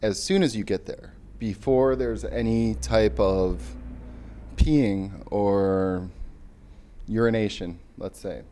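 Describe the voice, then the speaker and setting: A young man rants with straight-faced seriousness, as if lecturing on something vital. His voice sits fairly low and sounds dark and mellow, with small hesitations between points. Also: takes it slowly. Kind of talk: deadpan mock-serious rant.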